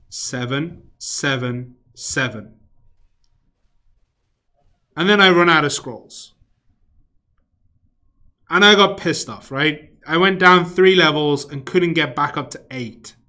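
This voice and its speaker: A young man streams a game live, his voice a little high, pushed and bright. He rambles casually, swears freely, and mutters or hums to himself while he plays.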